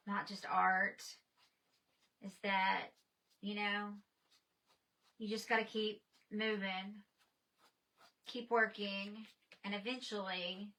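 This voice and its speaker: A woman's voice: mid-range voice, bright, forceful tone, far from the mic, poor audio. A woman painting on a live stream, chatting casually with viewers and laughing often.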